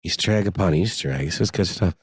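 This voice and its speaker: A man co-hosting a podcast, reacting with excitable exclamations and mock-solemn asides on a studio mic. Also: deep voice, fast talker, slightly rough, no echo. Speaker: podcast co-host. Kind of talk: casual podcast chat.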